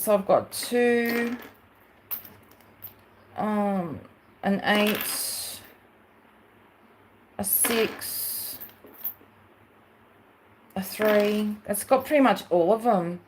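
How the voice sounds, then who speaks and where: A woman's voice: medium pitch, slight background noise. A woman with an Australian accent who hosts a crafting livestream and chats casually to viewers, rambling through asides with many fillers.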